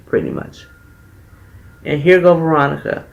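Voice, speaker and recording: A man's voice: on the high side, moderate pace, rough recording. A man reviewing a reality TV episode in a casual, blunt and profane way, heated in his opinions. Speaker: TV show reviewer.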